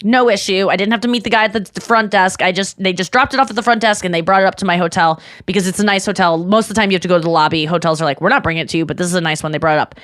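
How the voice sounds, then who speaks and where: A woman's voice: fairly low pitch, no room sound. Woman podcast host in dry close chat. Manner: animated storytelling, quick laughs, swears. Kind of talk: casual chat.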